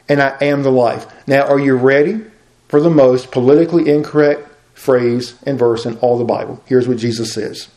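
A man preaching a sermon, firing off rhetorical questions with big swings in pitch and loudness. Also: normal speed, reverberant, rough recording. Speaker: pastor.

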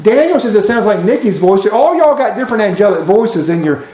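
A man's voice: sits high, sing-song, a little fast, dark tone. A man preaching a sermon, folksy and emphatic, with lots of rhetorical questions. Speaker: pastor. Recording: roomy church hall sound.

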